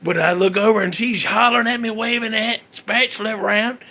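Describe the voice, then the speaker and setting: A man's voice: high-pitched, fairly even intonation, brisk, bright, forceful tone. A man hosting his own show, telling a dream story in a rambling, folksy, exasperated way. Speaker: host. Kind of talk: comedic storytelling monologue.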